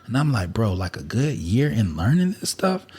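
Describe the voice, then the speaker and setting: A man's voice: lowish voice, sing-song, moderate pace, a little mellow, slightly rough. A man hosting a podcast in loose, slangy casual chat, candid and repetitive. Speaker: podcast host.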